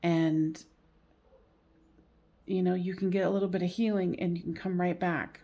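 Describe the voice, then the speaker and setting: Mellow-voiced woman giving a psychic reading. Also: lowish voice, little pitch movement. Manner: halting, repeats phrases, soothing and coaxing. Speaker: psychic medium. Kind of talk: solo psychic reading to camera.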